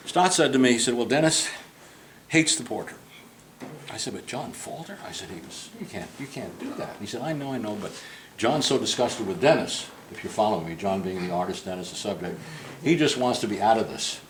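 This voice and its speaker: This is an older man, a portrait painter, touring a group through a club interior while recounting a long, humorous, meandering tale and voicing the people he quotes. His fairly low voice has lively intonation and a slightly fast pace. The recording is rough, with a little hiss or hum.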